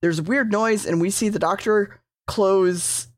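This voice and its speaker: A woman's voice: medium pitch, unhurried, no echo, studio quality. Rambling, swearing woman recapping. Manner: rambling, swearing, self-correcting. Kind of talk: casual episode recap.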